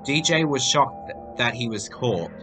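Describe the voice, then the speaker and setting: A man's voice: medium pitch, normal speed. A man narrating a homemade horror story aloud. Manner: reading aloud, animated. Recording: faint music behind voice.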